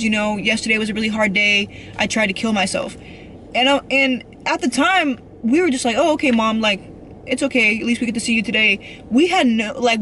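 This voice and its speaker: Bright-voiced young woman telling a personal story. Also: a little high, a little hiss or hum. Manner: rambling, many fillers and restarts; earnest and emotional. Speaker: vlogger.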